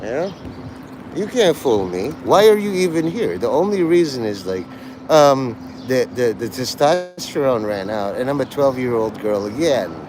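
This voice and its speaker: A male streamer from New York City talks to his chat in an abrasive, taunting and erratic way. His pitch swings widely up and down. A faint hum of city traffic sits behind him on the street. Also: very animated, normal speed. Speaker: livestreamer talking to his chat. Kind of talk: rambling live-stream chat.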